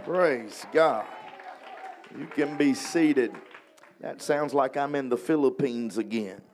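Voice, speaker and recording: A man's voice: mid-range voice, darkish tone, some chatter behind, slight background noise. A man with a Louisiana accent, an evangelist preaching a revival sermon to a congregation and drawing call-and-response from them. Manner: reads scripture slowly, prays with rising intensity. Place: revival hall before a congregation.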